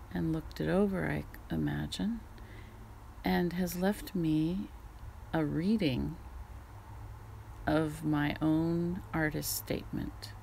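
A woman recording a casual spoken diary at home, musing softly and often dropping to a whisper. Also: low voice, vocal fry, slight background noise. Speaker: podcast host. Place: home in Northern California.

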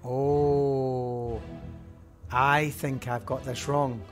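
A man's voice: mid-range voice, little pitch movement, very slow. Man musing through a game, music behind. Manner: thinking aloud, musing over clues. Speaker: let's-play host. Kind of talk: casual game commentary.

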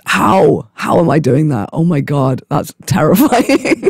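A man with a hoarse voice from a chest infection rambles to camera with giggles and stammering restarts. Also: fairly high pitch, very animated, unhurried, no room sound, clean studio sound. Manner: giggly, stammering, self-mocking. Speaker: vlogger. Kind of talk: rambling casual monologue.

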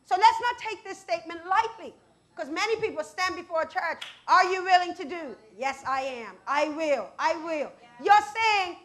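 A woman preacher with a high voice delivers an animated sermon. She bursts into loud scripture quotes and turns aside to talk to her congregation. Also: normal speed.

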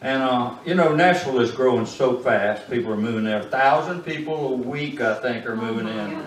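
A man's voice: medium pitch, a little fast. A man from Arkansas with a Southern Arkansas accent, introducing a song to a live audience in a rambling, folksy way, chuckling between phrases. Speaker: singer-songwriter. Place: live performance space at a ranch. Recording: echoey live recording from far off.

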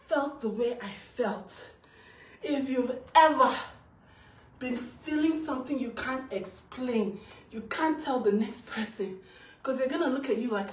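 A woman's voice: high-pitched, expressive, measured pace. A Nigerian woman and mother giving an emotional live-video testimony, chanting repeated exclamations mixed with laughter. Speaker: mother addressing her followers. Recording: roomy, far from the mic, faint hiss.

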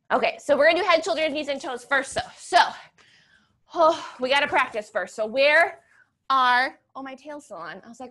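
A young woman with a high, slightly bright voice leads a children's movement class in a playful, encouraging sing-song manner. A children's song plays faintly in the background of this upbeat session.

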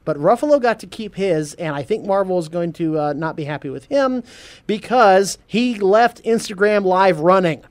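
A man hosting a casual geek news podcast, animated, laughing often and stumbling over his words. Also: high voice, moderate pace. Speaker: podcast host.

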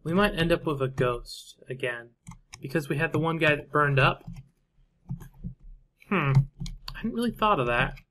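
A man's voice: a little high, normal speed, long pauses, bright, forceful tone. Man musing over a strategy game. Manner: musing to himself, trailing off with fillers. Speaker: gameplay commentator. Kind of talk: casual let's-play commentary.

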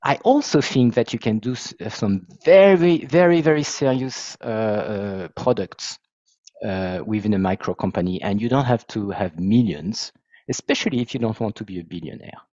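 A man from France with a French accent, presenting his background on a video call in a self-deprecating, halting way. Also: fairly low pitch, a little mellow, no room sound, lo-fi sound. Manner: self-deprecating, hesitant restarts. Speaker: software founder and facilitator.

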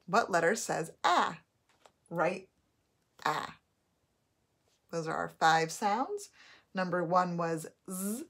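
A woman teacher giving a recorded spelling test, dictating words slowly and repeating each one. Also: fairly low pitch, lively intonation, vocal fry, fairly bright tone.

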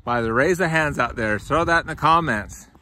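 A man in his forties with a bright, forward voice walks and talks through a snowy farm, filming himself on a handheld camera. He is casual and upbeat with his viewers and keeps calling them guys. He is out of breath from shoveling snow. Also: on the high side, normal speed, a little hiss or hum. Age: 40s. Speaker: farmer and channel host. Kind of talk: casual walk-and-talk farm vlog. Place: outdoors in snow and inside a greenhouse.

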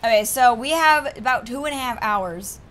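A woman's voice: fairly high pitch, normal speed, a bit bright, faint music behind. A young woman hosting a gaming video, reading the game's lines aloud and joking and swearing casually between them. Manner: reads game dialogue aloud, jokey asides, swears casually. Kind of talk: let's play commentary.

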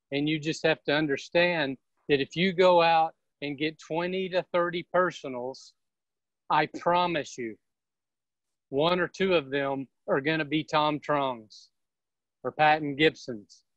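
Male seminar speaker, emphatic motivational delivery, slightly high pitch, dry muffled sound. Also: dry recording. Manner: energetic, emphatic, preachy. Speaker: real estate team leader giving a seminar.

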